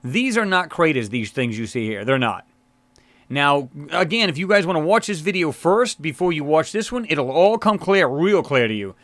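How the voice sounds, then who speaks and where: A man's voice: on the high side, very animated, normal speed, fairly bright tone, dry recording. A man hosting his own channel, rambling through a casual commentary on photos with many fillers and restarts, his throat scratchy. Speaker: channel host. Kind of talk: casual screen-share commentary.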